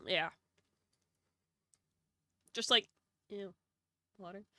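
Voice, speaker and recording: A woman's voice: mid-range voice, very slow, bright, forceful tone, no echo. A woman streamer chatting casually while building a fantasy world, joking and swearing, laughing often. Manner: joking, profane, laughs a lot.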